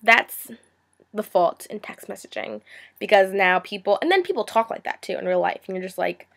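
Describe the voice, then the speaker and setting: A woman's voice: medium pitch, animated, normal speed, vocal fry, a bit bright. A teenage girl ranting in a vlog, sarcastic and exasperated, now and then slipping into mocking impressions. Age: teens. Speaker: vlogger.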